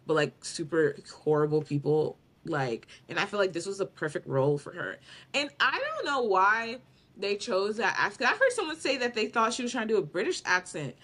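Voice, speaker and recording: A woman co-hosts a podcast with a mid-range voice. She speaks in relaxed casual chat. She argues her points with emphatic confidence. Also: mid-range voice. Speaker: podcast co-host.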